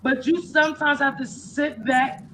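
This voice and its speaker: Middle-aged woman guest, candid testimony, blunt and emphatic, highish voice, faint hiss. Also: steady tone, unhurried, fairly bright tone, rough recording. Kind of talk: personal testimony in casual chat.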